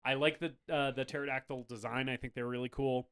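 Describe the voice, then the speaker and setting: A man's voice: medium pitch, fairly even intonation, fairly quick, a bit bright, clear, resonant tone. A man co-hosting a podcast, chatting casually about a movie, laughing often and acting out characters' lines. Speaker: podcast co-host. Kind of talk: casual movie review chat.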